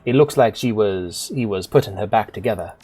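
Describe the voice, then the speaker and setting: A man's voice: lowish voice, a little fast, mellow, slightly rough. A man reading the lines of a hardened woman shadowrunner in a blunt, clipped way, close to his own voice. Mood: terse.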